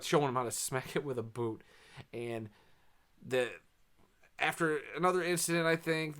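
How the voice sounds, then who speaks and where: Rambling, sarcastic male movie reviewer. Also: medium pitch. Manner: rambling, sarcastic, filler-heavy with frequent sighs and laughs. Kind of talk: casual spoken review.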